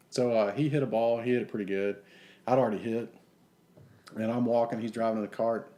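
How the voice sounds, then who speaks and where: A man's voice: medium pitch, steady tone, a little fast, mellow. A man co-hosting a podcast, telling rambling anecdotes and acting out the quotes. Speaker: podcast co-host. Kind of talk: casual storytelling chat.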